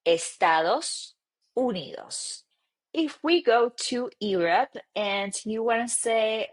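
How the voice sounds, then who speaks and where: A woman from Argentina speaks English with her native Argentine Spanish accent while teaching a Spanish lesson. She talks slowly and patiently, repeating each word for her learners in a soft, slightly breathy voice. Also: medium pitch. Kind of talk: online language lesson.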